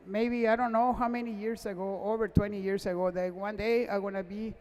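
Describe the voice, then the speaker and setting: A man, a race car mechanic, gives a halting, emotional acceptance speech at an awards gala, close to tears and often repeating himself in non-native English. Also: sits high, little pitch movement, darkish tone. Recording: echoey hall reverb.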